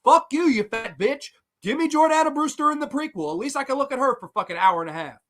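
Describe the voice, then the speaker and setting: A man hosting a horror film livestream, ranting casually and loudly with lots of swearing while answering chat. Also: very high-pitched, very fast, soft background music. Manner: loud, animated, profane ranting.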